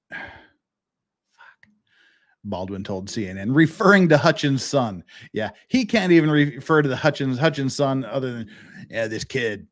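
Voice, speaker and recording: A man's voice: medium pitch, animated, normal speed, pauses often. Profane, sarcastic man ranting on a stream. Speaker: legal commentary host. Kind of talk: live-stream ranting commentary.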